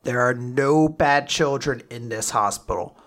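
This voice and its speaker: A podcast host voicing a devoted doctor who talks in a slow, firm voice. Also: mid-range voice, voice pushed down, lightly acted. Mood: fierce reassurance. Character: gruff devoted doctor, adult man, fierce and kind.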